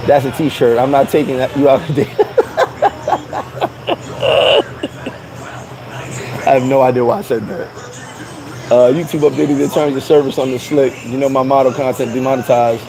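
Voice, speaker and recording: Rambling man live-streaming outdoors with street noise. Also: a little high. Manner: loose, rambling, swears, laughs at himself. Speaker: vlogger reading live chat. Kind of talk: casual live-stream chat.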